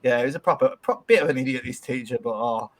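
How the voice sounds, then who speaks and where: A man's voice: medium pitch, fast. A man hosting a podcast, telling a school memory in loose, sweary casual chat with chuckles. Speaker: podcast host.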